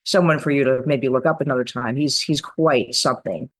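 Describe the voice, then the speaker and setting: A woman guest, an author and creativity coach, telling anecdotes in an animated, theatrical way on a podcast. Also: very deep voice, a little fast. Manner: lively, theatrical, acts out voices in her anecdotes. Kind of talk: animated storytelling in a podcast interview.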